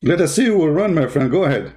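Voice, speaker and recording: Host, high male voice, combative and mocking on a live call-in debate. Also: animated, quick pace, warm tone, a little hiss or hum. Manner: combative, mocking, repeats demands insistently.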